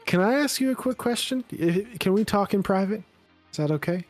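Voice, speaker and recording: Un hombre haciendo de madre prim con acento británico. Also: male voice, high voice, lively intonation, fairly quick, soft background music, voice pushed up. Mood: sweetly polite. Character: a worried middle-aged mother, polite and prim.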